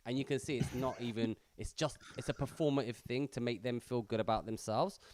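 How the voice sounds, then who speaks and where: A man hosts a podcast chat, pushing his opinions in a blunt, emphatic way. His voice is smooth and resonant, at a middle pitch. The recording is dry and close. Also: brisk, a little mellow, no room sound.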